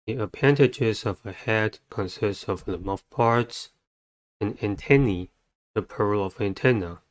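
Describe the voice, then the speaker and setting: Slow, methodical male vocabulary teacher. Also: lowish voice. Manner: slow, methodical, sounds out letters one by one. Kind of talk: instructional narration.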